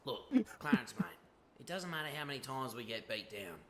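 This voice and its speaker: A man's voice: medium pitch, lively intonation, brisk, bright, forceful tone, a little hiss or hum. A man with an Australian accent playing a brash, foul-mouthed mentor in a game roleplay, giving swaggering pep talks. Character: brash, foul-mouthed male mentor who loves to fight.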